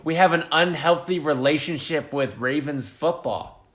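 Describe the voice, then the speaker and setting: A young man in casual sports-podcast banter, with a slightly higher pitch than most men. He jokes and swears freely and works himself up into hyped speeches. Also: normal speed, fairly bright tone, reverberant. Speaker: podcast co-host.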